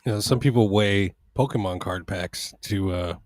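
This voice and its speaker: A man's voice: fairly low pitch, moderate pace, a little mellow, dry recording, studio quality. A man from Panama, a podcast guest chatting casually, often restarting and repeating words. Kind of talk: casual chat.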